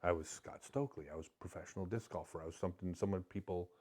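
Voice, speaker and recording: A man's voice: low voice, quick pace, warm tone, husky. A middle-aged man, a podcast guest, candidly telling an emotional personal story with many restarts.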